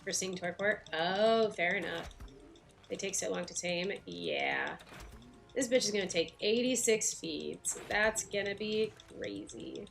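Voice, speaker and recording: A woman's voice: medium pitch, a little slow, creaky, faint music behind. A woman with a light Southern US accent streaming a game, chatting casually with viewers and laughing often. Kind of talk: casual livestream chat while playing.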